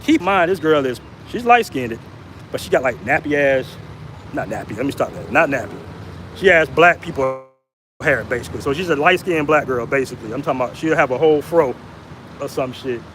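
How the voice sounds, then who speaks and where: An American man talking casually and loosely in a vlog, slangy and animated when he retells what people said. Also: mid-range voice, a little fast. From United States. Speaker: vlogger. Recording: noisy outdoor street recording.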